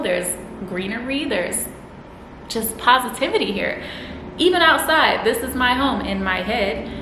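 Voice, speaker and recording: A bright, expressive young woman with a twang speaks candidly straight to the camera. She is blunt, swears freely and acts out her own angry moments with animated energy. Her voice rings a little in an echoey room. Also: medium pitch, a little hiss or hum. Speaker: vlogger. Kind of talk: candid self-help talk to camera.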